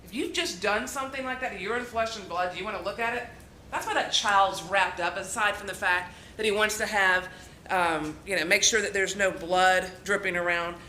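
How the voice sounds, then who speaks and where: A woman's voice: mid-range voice, normal speed, sharp tone, echoey room, slight background noise. A woman prosecutor giving a closing argument to a jury, persuasive and emphatic. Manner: persuasive, emphatic, quoting the defendant. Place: courtroom.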